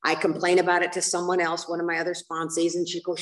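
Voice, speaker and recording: Rambling older woman, low voice, distant mic. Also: little pitch movement, quick pace, hardly any pauses. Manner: rambling and candid, with frequent fillers and asides, self-mocking. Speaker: speaker sharing at a recovery meeting. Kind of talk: candid personal testimony. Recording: voice picked up from a distance.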